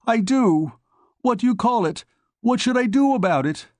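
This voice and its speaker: A man's voice: fairly high pitch, animated, moderate pace, darkish tone, dry recording, studio quality, lightly acted. A man reading an audiobook, voicing a pompous, stiffly dignified man who clings to decorum and speaks in formal, prim phrases. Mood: terrified. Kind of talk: audiobook character voice.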